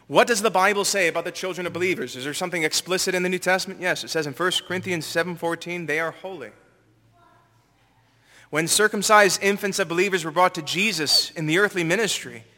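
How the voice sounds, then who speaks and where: Preacher with a bright voice, echoing hall. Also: male voice, sits high. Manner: earnest preaching with rising emphasis. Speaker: pastor. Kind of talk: sermon. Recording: long hall reverb.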